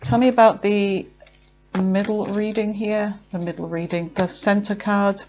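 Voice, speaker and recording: A woman giving a casual tarot reading, chatty and filled with fillers, talking to herself as she pulls cards and sometimes slowing down to draw out her words. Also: medium pitch, fairly even intonation, darkish tone, a little hiss or hum. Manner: chatty, with frequent fillers and self-talk. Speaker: tarot reader.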